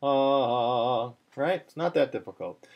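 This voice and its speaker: A man talks through a chanting lesson at an unhurried pace, patient and plain. He stops often to restart his sentences, then slips into short sung phrases. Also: mid-range voice, lo-fi sound. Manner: patient, plain explaining with many fillers and restarts, breaking into chant. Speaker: cantillation teacher.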